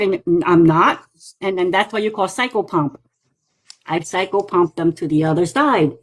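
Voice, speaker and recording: A woman, a psychic medium guest, chatting casually and telling lively stories in which she acts out other people's voices. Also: lowish voice, moderate pace, rough recording. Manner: lively storyteller who acts out quoted voices. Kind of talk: casual livestream chat.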